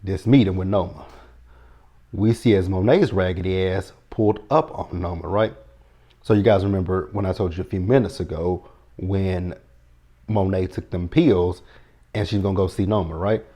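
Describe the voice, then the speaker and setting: A man's voice: sits low, steady tone, moderate pace, mellow. A man, recapping a TV episode in a blunt, sassy, profane casual chat. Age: 30s.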